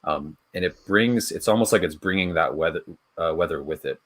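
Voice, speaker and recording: Game master: man with a very low, bass voice, halting, full of ums. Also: a bit bright. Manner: halting, many fillers and restarts. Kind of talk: narrating a tabletop game.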